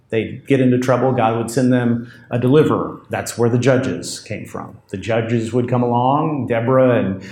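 A man's voice: medium pitch, darkish tone. A male pastor delivers a sermon in a mid-range voice. He tells the story with animation, slipping into the voices of the people he describes. The room carries a noticeable echo.

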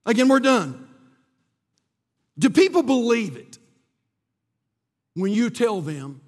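High-voiced impassioned male pastor. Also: sing-song, slow. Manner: impassioned, surging then dropping to quiet emphasis. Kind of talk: sermon. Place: church sanctuary. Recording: long reverb of a church hall.

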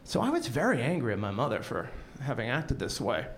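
A man telling a personal story on stage in an animated, self-deprecating way with comic timing. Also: mid-range voice, brisk. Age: young adult.

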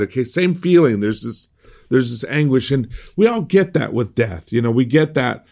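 A man's voice: mid-range voice, lively intonation, normal speed. A male pastor reading a passage of scripture and explaining it in an informal devotional, often repeating words as he restarts a thought. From United States. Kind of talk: devotional Bible teaching.

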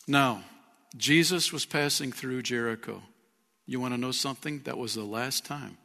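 Bright-voiced preaching pastor in a reverberant hall. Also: male voice, medium pitch, normal speed, gravelly. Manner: earnest preaching with rhetorical questions. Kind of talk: sermon. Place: church sanctuary.

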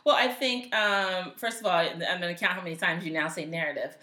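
A woman's voice: on the low side, brisk, pushed and bright. Confident woman in a roomy space. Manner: confident, definitive delivery with laughs. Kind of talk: casual conversation.

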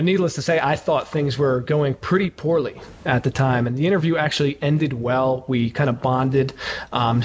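A man telling a candid story as an interview guest, casual and profane, with many fillers. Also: mid-range voice. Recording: muffled with clear background noise.

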